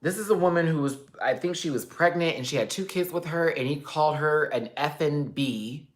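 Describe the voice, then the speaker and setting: A man hosting a relaxed livestream, telling a story in a lively, expressive way. He drops swear words freely and breaks off to thank his viewers by name. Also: a little high, fairly quick. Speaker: livestream host.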